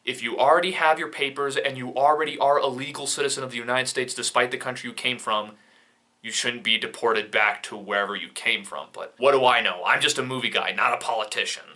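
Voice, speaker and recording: A young man talking through film award results in a casual commentary. His voice is very bright and forward, and he drops sarcastic, opinionated remarks as he goes. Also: medium pitch, fairly even intonation, brisk. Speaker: film reviewer.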